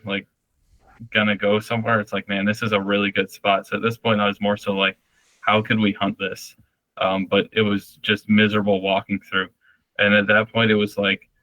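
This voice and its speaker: Flat, bright-toned young man recounting. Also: fairly low pitch, no echo, rough recording. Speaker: podcast guest. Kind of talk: casual storytelling.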